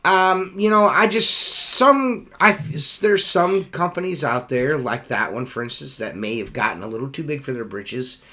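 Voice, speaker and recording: A man's voice: a little high, lively intonation, moderate pace, few pauses, pushed and bright. A man hosting a casual podcast chat over a video call, rambling and swearing with plenty of fillers. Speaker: podcast host.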